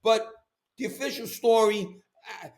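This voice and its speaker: A man from Brooklyn with a thick New York accent holds court on a podcast mic, riffing in a loose, streetwise rant. His voice sits high for a man, and he talks like he is telling stories to friends. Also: measured pace. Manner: animated ranting storyteller, streetwise. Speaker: podcast host. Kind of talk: casual chat. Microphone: podcast microphone.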